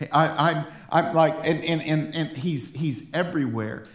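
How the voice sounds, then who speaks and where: A man preaching a sermon in a church, fired up and stumbling over his words in quick restarts. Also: fairly high pitch. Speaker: pastor. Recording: roomy echo in a church.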